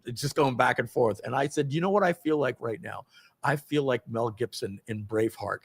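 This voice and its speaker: Animated storytelling man with big vocal swings. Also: fairly quick. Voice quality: acts out voices with big pitch jumps. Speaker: host.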